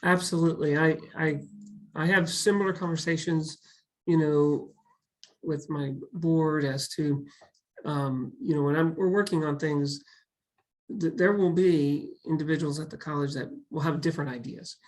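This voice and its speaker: A man hosting a college webinar who talks in a reflective way, with many pauses and restarts. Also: on the high side, fairly even intonation, rough recording. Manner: reflective, speaks in halting restarts. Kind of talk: casual webinar talk.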